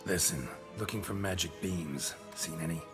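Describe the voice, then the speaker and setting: An actor playing a terse, stoic male monster hunter in a video game, gravelly and clipped. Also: moderate pace, loud music behind the voice, close to an everyday voice. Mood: deadpan. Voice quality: very deep, gravelly. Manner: flat, clipped.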